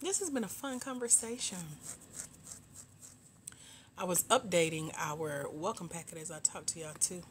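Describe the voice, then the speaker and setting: A woman's voice: fairly low pitch, normal speed, long pauses, a little hiss or hum. A middle-aged woman from Georgia, hosting a casual livestream chat with viewers. She laughs often and calls her viewers "girl" and "y'all.". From Georgia, US South. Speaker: host.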